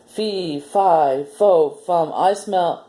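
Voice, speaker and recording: Grumbling, roaring giant, as a woman puts him on in a storybook; low, dark and booming. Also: extremely slow. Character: huge grumbling man-eating giant.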